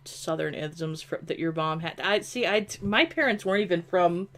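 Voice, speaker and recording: Rambling, low-voiced woman streamer. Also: normal speed. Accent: upstate New York. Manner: rambling, full of "like", laughs easily. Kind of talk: casual chat while gaming.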